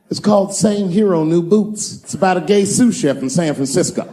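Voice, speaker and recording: A middle-aged man performing a stand-up comedy set on stage, animated, jumping into loud high shouts and low put-on voices. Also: moderate pace, hardly any pauses, big-room sound. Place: stage before a live audience.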